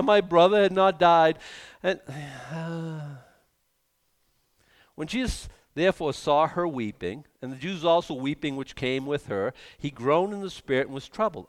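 A man preaching a sermon with animated delivery, swinging between hushed and loud. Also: on the high side.

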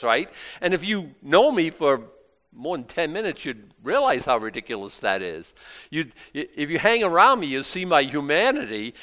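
On the high side, the voice sounds pushed and bright as a middle-aged pastor gives a laid-back, chatty sermon. He performs little asides and laughs from time to time.

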